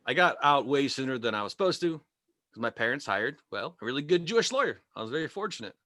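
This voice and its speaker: Bright, lively-voiced male stand-up comic. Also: mid-range voice, quick pace, no room sound. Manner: wry storytelling with punchlines. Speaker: stand-up comedian. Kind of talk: stand-up set. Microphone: video call microphone.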